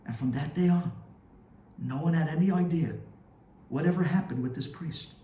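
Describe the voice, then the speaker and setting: Casting: male rabbi, slightly high voice, dramatic storyteller, echoey room. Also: moderate pace, distant mic. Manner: dramatic, swings between hushed and excited. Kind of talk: storytelling sermon.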